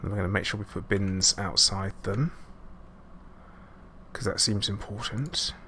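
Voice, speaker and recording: Gravelly, low man streaming. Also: a little slow, pushed and bright, a little hiss or hum. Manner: chatty, rambling, self-mocking asides. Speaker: game streamer. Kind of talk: casual live gameplay commentary.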